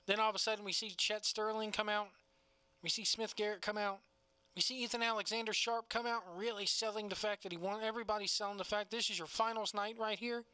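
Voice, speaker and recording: Chatty laughing man with a bright voice. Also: sits high, clean tone, no echo. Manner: laughs often, loose and cussing. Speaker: podcast co-host. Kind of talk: casual wrestling review chat.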